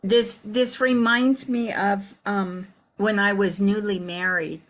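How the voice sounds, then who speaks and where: A woman joining a discussion to add a point, speaking in a hesitant, halting way. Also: medium pitch, steady tone. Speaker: participant in the discussion. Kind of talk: conversational remarks in a discussion.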